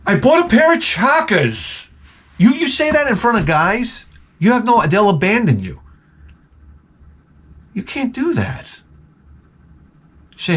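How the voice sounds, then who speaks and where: A man's voice: on the high side, big pitch swings, takes it slowly, pauses often, fairly bright tone, slightly rough. A man hosting his channel, talking in a rambling comedic monologue and swearing constantly. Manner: rambling, jumps between jokes. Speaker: host of a retro gaming channel.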